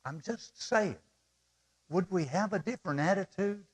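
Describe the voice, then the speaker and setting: A middle-aged pastor delivers an emotional, pleading sermon, moving between loud appeals and soft asides. His voice is high-pitched and husky, and he never hurries.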